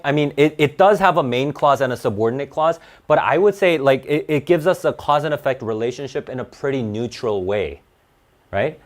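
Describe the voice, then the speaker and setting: A man teaching a grammar lesson to a class, restarting words often and checking in with "right?". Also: a little high.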